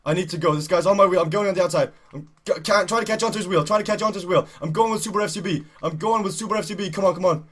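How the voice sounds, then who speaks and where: A man giving excited live commentary while playing a cycling race game, urging himself on, repeating phrases and shouting. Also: high voice, very fast. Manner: urgent, repetitive, shouting in excitement. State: out of breath. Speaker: gaming YouTuber.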